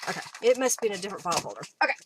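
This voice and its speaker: A woman's voice: mid-range voice, very animated, rapid-fire, noisy background. A woman hosting a live crafting stream from her home craft room, chatting casually and thinking aloud as she rummages for supplies. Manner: chatty and rambling, thinks aloud while searching. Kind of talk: casual live demo chat.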